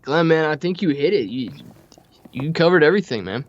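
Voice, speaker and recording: Quick, easygoing male guest. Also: a little high, lively intonation, muffled recording. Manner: easygoing, self-deprecating jokes. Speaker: guest analyst. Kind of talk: casual livestream banter.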